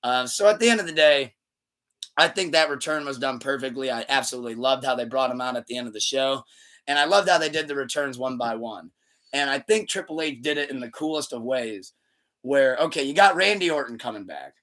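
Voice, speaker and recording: Male podcast host, tense bright tone, animated retelling, casual and profane. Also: mid-range voice, brisk. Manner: loose, rambling, swears freely; animated retelling with acted-out quotes. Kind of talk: casual chat.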